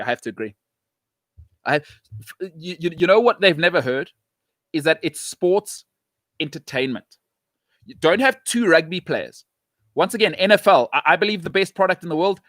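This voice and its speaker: A man's voice: fairly high pitch, fairly bright tone, no echo, clean studio sound. A man with a South African accent hosting a live stream, ranting with passion and emphasis and answering viewer comments. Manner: impassioned, emphatic, repeats for emphasis. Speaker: show host.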